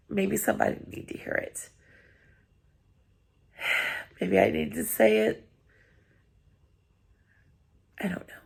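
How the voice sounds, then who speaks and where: A woman's voice: mid-range voice, vocal fry, breathy edge. A woman vlogger, tearful after crying, talking earnestly and apologetically to her viewers, encouraging them. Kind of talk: heartfelt personal vlog talk.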